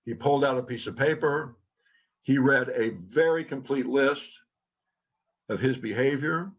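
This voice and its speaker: With a medium-pitched, unhurried voice, a middle-aged man, a co-founder and trainer, gives a storytelling talk to a group about something from his own life. He's earnest and quotes people in animated tones, and the lo-fi recording sounds dull.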